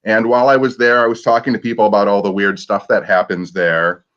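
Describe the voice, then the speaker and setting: A man's voice: fairly low pitch, flat delivery, fairly quick, fairly bright tone. A man co-hosting a casual chat, musing and telling a strange story. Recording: dull lo-fi sound.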